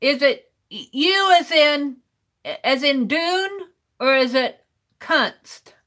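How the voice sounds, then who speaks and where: A woman's voice: sits high, expressive, extremely slow, fairly bright tone. A middle-aged woman artist chatting on a live stream, laughing often and sounding out words letter by letter as she reads the chat. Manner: laughs often while working. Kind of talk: casual livestream chat.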